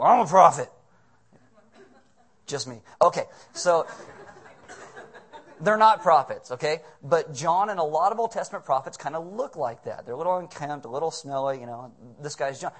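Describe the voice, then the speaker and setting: A man preaching a comedic sermon as pastor, animated and full of casual asides and jokes. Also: on the high side.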